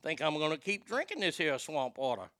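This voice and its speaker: A man's voice: a little high, sing-song, a little fast, bright, forceful tone, no echo, clean studio sound. A man putting on a smug drawling Cajun politician. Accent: Cajun, put on. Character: smug corrupt male politician with a folksy drawl.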